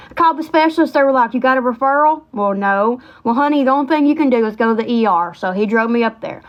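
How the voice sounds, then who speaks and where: A woman, telling rambling stories in a casual, animated livestream chat. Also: fairly high pitch, muffled recording. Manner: chatty, animated, rambling with Southern colloquialisms. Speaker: livestream host.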